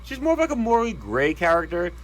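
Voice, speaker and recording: A man delivering ranking commentary in an animated, exasperated ranting manner. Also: high-pitched, fast, a little hiss or hum. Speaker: video commentator.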